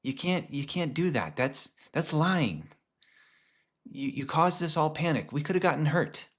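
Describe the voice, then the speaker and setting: A man's voice: on the high side, lively intonation, a little slow, fairly bright tone, voice pushed up. Man doing a stern scolding villager. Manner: scolding, insistent.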